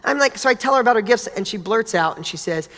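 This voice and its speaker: Animated man telling stories in a reverberant hall. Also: high voice, fast. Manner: animated, casual, blunt, with mild swearing. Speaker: motivational speaker. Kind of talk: motivational talk with personal stories.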